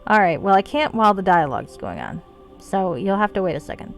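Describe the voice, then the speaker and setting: A woman's voice: medium pitch, sing-song, a little fast, faint music behind, poor audio. Wry swearing woman streaming a game. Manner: swears freely, wry and self-deprecating. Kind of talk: casual gameplay commentary.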